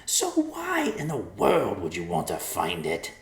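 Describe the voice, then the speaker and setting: A man voicing a lonely, mocking old male vulture who talks slowly and sneeringly. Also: low voice, wildly swooping pitch, echoey room, heavily acted. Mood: drawling.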